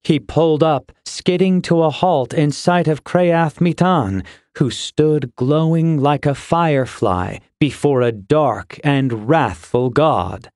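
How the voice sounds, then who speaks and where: A man narrating a fantasy audiobook in a measured, steady reading. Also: a little high, no room sound, studio quality.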